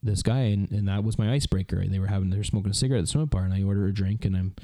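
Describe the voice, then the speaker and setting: A Canadian man in his thirties hosts a podcast, telling a rambling, filler-heavy story in casual chat. His voice is fairly low and warm, and he talks very fast, with no room sound in the recording.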